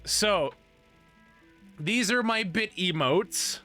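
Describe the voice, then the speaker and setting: Bright-voiced excitable male streamer. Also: sits high, faint music behind. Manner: excitable, rambling, quick to laugh. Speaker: streamer host. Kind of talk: casual stream chat.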